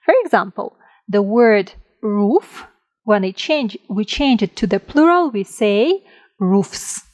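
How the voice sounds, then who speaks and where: A woman teaching an English grammar lesson, drawing out each example word slowly and often checking in with a "right?". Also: mid-range voice, lively intonation, darkish tone, rough recording. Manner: slow, careful, drawn-out example words; checks in with listeners by asking "right?".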